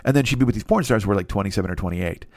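A man's voice: lowish voice, racing, darkish tone, no room sound. A man doing a profane, rambling comic monologue as a podcast host, slipping into mocking voices. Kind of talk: crude comedic monologue.

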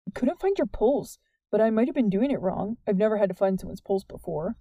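An earnest, wordy teenage boy speaking softly and sincerely, read by a woman. The tone is very dark and mellow, with no hint of brightness. It sounds close and dry, like a storybook reading. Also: medium pitch, expressive, fairly quick, dry recording, natural voice. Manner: soft, plain and sincere.

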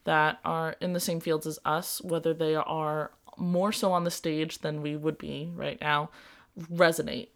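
A woman's voice: sits low, flat delivery, a little slow, fairly bright tone. A young adult woman hosting a casual podcast, telling earnest stories and laughing easily. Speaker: podcast host and music teacher.

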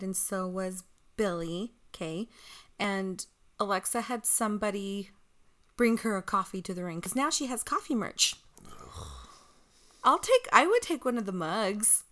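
A woman's voice: medium pitch, fairly bright tone. A woman co-hosting a podcast in casual chat. She laughs often and rambles, with lots of "like" and restarts. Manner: giggly, rambling, full of "like" and restarts. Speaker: podcast co-host. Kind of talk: casual chat recapping wrestling.

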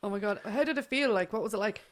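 A woman's voice: medium pitch, fast talker. A woman interviewing a musician, playful and teasing, with slang asides. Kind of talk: casual interview.

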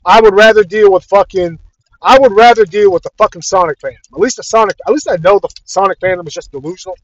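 A young man's high voice rushes along in a fast podcast rant about a fandom, exasperated, swearing a lot, and saying the same things repeatedly. The recording is dry, dull, and lo-fi, with no echo.

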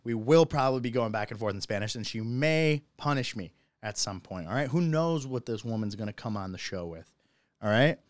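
A man hosting a casual live-streamed podcast, chatty and excitable, laughing often. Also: mid-range voice, brisk, no echo. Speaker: podcast host. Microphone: phone or computer mic on a live stream.

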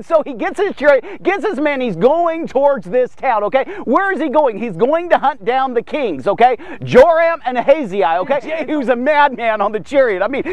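High-voiced emphatic male preacher. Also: dry recording. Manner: emphatic storyteller, keeps asking okay. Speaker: devotional podcast preacher. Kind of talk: sermon-style Bible devotional.

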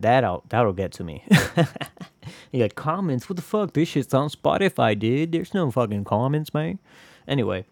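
A man's voice: medium pitch, no echo. Rambling, cursing man on a podcast. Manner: rambling, profane, self-deprecating. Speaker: podcast host. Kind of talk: casual solo podcast monologue.

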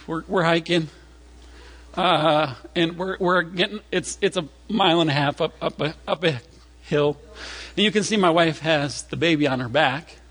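A man preaching a sermon through an animated personal story, acting out voices along the way, chatty and full of fillers and restarts. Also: on the high side. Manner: animated, acts out voices in stories. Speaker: pastor.

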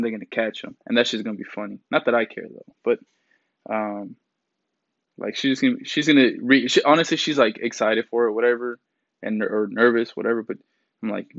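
A man's voice: on the low side, vocal fry, dry recording. A young man in his twenties ranting in a casual commentary vlog, blunt and profane, with many fillers and mocking quotes of others. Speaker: commentary vlogger. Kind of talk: casual rant. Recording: dry, slightly dull mic sound.

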